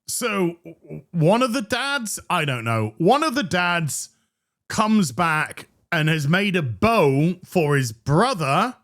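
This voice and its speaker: A man's voice: sits high, sing-song, slow, a bit bright. A man hosting a TV review show, ranting sarcastically with crude jokes and stammered restarts. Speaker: host reviewing a TV episode.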